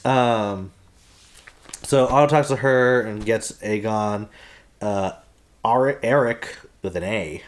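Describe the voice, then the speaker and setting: A young man co-hosting a casual podcast chat who laughs often and gets animated when quoting characters. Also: lowish voice, slow, pauses often. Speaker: podcast co-host.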